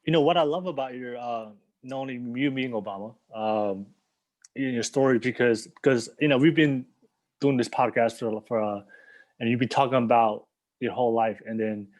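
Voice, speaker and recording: A man hosts a casual podcast interview at a middle pitch. He rambles, circling back and restarting his sentences as he builds up to a point. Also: normal speed, darkish tone. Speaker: podcast host.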